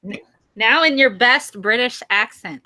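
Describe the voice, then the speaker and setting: A woman's voice: fairly high pitch, measured pace, sharp tone. A woman guest on a livestream panel, chatting casually and teasing playfully. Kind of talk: casual chat.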